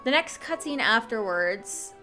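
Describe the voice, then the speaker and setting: A woman's voice: fairly high pitch, lively intonation, a little slow, pushed and bright, soft background music. Chatty woman recapping a game story. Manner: chatty, full of fillers and restarts. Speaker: game channel host.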